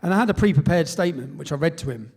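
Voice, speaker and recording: A man's voice: a little high, expressive, very fast, gravelly, a little mellow, husky. A middle-aged English man from Britain giving a live speech, telling his story emphatically and often tagging sentences with "yeah?". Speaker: public speaker. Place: event hall.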